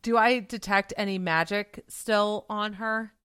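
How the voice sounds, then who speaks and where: A woman's voice: medium pitch, fairly even intonation, unhurried, a bit bright, clean tone. A woman playing a tabletop game, speaking casually and hesitantly with ums. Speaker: player. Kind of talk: casual play.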